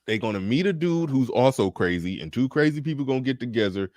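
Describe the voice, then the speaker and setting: A man's voice: medium pitch, lively intonation, quick pace, darkish tone, no echo, studio quality. A man talking in a laid-back, slangy way during a casual reaction chat.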